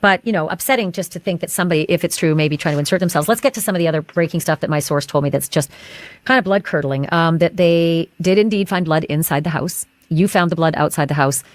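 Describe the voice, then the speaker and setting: A woman hosting a true crime podcast, talking through a news case and passing on details from a source with frequent pauses and restarts. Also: sits low, no echo. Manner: hesitant, sharing details from a source. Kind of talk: casual discussion of a news case.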